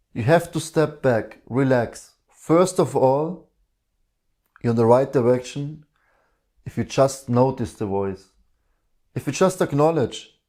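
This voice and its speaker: A man giving a reflective spiritual talk in a calm way, often posing rhetorical questions to the listener. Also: on the high side. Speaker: spiritual teacher.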